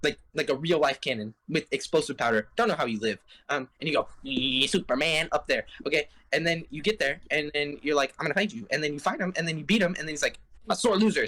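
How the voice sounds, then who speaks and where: A man's voice: on the high side, fairly bright tone. A young man casually retelling a video game's plot in long run-on sentences, tossing in "right?" and "bruh" as a podcast co-host. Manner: rambling, run-on storytelling with frequent "right?" and "bruh". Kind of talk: casual chat recapping a game plot.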